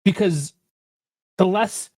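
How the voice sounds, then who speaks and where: A man's voice: high voice, slow pace, darkish tone, no echo. A blunt man co-hosts a sports podcast in casual chat. He asks pointed questions and argues his case in a medium voice. The sound is dry and close. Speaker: podcast co-host.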